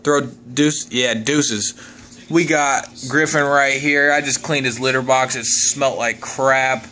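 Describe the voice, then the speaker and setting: Bright-voiced goofy young man vlogging. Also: slow pace. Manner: goofy, talks to his pets in high excited voice. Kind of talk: casual home vlog.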